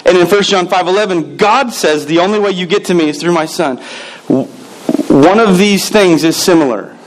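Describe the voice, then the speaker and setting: A man's voice: sits high, moderate pace, rough recording. A middle-aged man preaching a sermon, telling a personal story with emphatic repetitions. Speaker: pastor.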